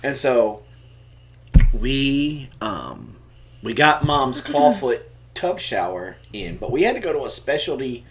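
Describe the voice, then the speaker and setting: A man's voice: mid-range voice, measured pace, slight background noise. A middle-aged man, telling a funny family story in a casual live chat and acting out the voices of the people in it. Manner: animated storyteller acting out quotes. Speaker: homestead channel co-host.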